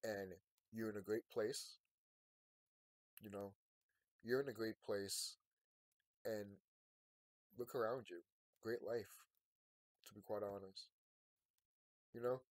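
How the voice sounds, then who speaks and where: A man talking to his viewers in a rambling late-night monologue. He sounds sleepy and yawning, and he swings from quiet, tired musing to loud ranting. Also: on the low side, steady tone, slow, long pauses, no room sound, clean studio sound. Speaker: vlogger.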